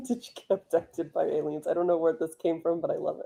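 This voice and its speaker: A woman's voice: sits low, steady tone, brisk, gravelly, warm tone, husky. A woman hosting a casual livestream chat, blunt, profane and joking. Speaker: host.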